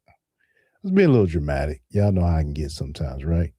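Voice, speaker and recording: A man's voice: extremely low pitch, fast talker, slightly rough, no echo, clean studio sound. A man hosting a call-in livestream, casually retelling an exchange of text messages to his viewers. He keeps asking them to agree and acts out each quote. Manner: animated, acts out quoted texts; talks straight to viewers, asks for agreement. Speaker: call-in show host.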